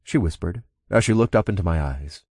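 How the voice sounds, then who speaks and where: A man's voice: sits low, animated, fairly quick, darkish tone, no echo, clean studio sound. A young man narrating a first-person audiobook in an easygoing, lightly amused way, also speaking the narrator's own lines.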